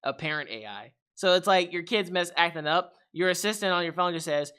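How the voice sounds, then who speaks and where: A young man hosting a casual tech podcast, animated and laughing, acting out voices of gadgets. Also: high voice, fast talker, few pauses, clean tone. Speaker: podcast host.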